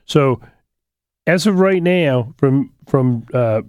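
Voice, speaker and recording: A middle-aged man hosting a call-in radio show on money and investing, telling stories in a folksy, energetic way with lots of restarts, in a studio. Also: mid-range voice, slow, no room sound. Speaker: radio show host, financial advisor. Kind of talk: call-in radio talk, storytelling.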